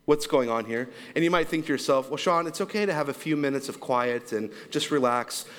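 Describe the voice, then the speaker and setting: A male pastor in his thirties delivers a church sermon with a fairly high, bright voice. He tells stories with animated, acted-out quotes, jumping high in pitch and laughing along with the congregation. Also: a little fast. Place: church sanctuary.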